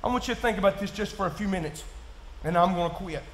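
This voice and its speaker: A man with a Kentucky accent preaching in church, folksy and plain-spoken, dropping to quiet asides and rising to shouts. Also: sits high, quick pace, a little hiss or hum. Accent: Southern US, Kentucky. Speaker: pastor. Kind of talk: sermon. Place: church sanctuary. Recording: echoey church room.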